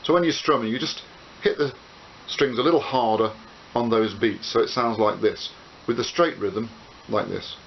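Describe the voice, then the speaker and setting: A man with a medium-pitched, creaky voice teaches ukulele at a moderate pace. He counts beats and names chords while playing, relaxed and explanatory, with frequent "uh"s. The camcorder microphone yields dull, hissy audio and loud ukulele playing.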